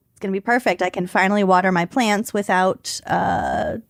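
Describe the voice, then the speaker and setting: A woman's voice: mid-range voice, steady tone, moderate pace, vocal fry, dry recording, studio quality. A woman co-hosting a podcast in casual chat, joking and laughing often. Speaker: podcast co-host.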